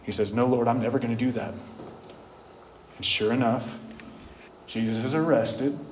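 A man preaching a sermon, retelling scripture stories in an earnest way, rising loud and bold, then dropping soft and slow. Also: medium pitch, fairly even intonation, a little hiss or hum. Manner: earnest storytelling, swings between loud bold stretches and soft slow ones. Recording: echoey room with faint ambience.

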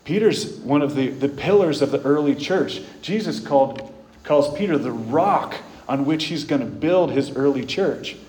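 A man preaching a sermon, retelling scripture stories in an earnest way, rising loud and bold, then dropping soft and slow. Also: medium pitch, expressive. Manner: earnest storytelling, swings between loud bold stretches and soft slow ones. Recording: echoey room with faint ambience.

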